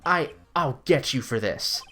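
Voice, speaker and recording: A flustered, earnest young defense lawyer stumbles over his words when cornered, read by a man playing through a game. His voice jumps higher whenever he is upset. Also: lively intonation, measured pace, bright, forceful tone, soft background music. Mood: rattled. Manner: stammering, rattled.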